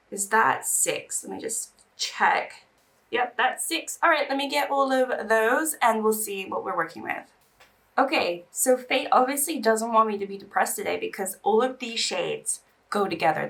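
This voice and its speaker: A young beauty vlogger chats through a get-ready-with-me session, teary and emotional, sighing between bursts of chatter. She sounds animated and gravelly yet fairly bright, mid-range at normal speed, and her voice is far from the mic, a little off it.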